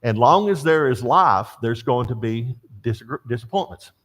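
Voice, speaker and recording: An older man with a medium-pitched voice and moderate pace runs a church Bible class, spinning animated stories and asking the group questions.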